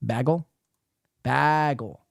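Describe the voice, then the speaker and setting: A man's voice: medium pitch, very slow, gravelly, dry recording, studio quality. A man from the East Coast hosting a podcast, reacting sarcastically to a livestream and reading chat aloud with plenty of swearing. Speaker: podcast host. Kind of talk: casual commentary on a livestream.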